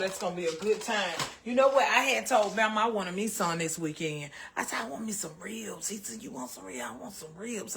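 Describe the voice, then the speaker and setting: A talkative Southern woman with a Southern American accent is chatting through a live cooking stream. She rambles in a folksy way, reading viewer comments and calling everyone baby and child. There is a faint hiss of background noise under her voice. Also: medium pitch. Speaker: cooking livestream host.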